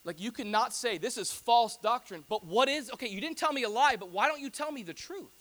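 A man preaching a sermon to his church in a conversational, animated way, with humorous asides to the congregation. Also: very high voice, a little fast. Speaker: pastor.

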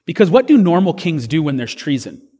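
A man's voice: on the high side, sing-song, a little fast, dark tone, slightly rough, big-room sound. A man preaching a sermon as pastor, earnest and conversational, with fillers and restarts.

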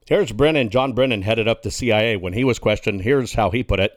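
A man's voice: fairly low pitch, a little fast, hardly any pauses, no room sound, studio quality. A male talk radio host delivering a combative monologue and building up a hypothetical scenario. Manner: combative, emphatic, insulting opponents.

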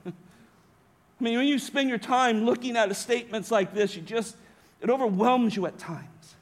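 Man, high voice, middle-aged pastor, earnest sermon, self-correcting. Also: expressive, moderate pace. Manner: earnest preaching with frequent self-corrections and restarts.

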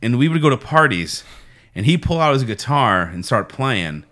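A man's voice: mid-range voice, sing-song, normal speed, a bit bright. A man hosting a podcast, joking and chatting casually about his past. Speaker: podcast host. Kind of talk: casual chat.

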